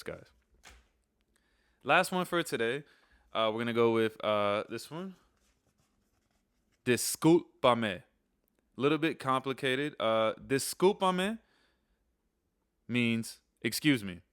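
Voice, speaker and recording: A man hosting a casual spoken lesson, relaxed, repeating key phrases slowly between chatty asides. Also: fairly low pitch, clean tone, dry recording, clean studio sound. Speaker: channel host teaching phrases.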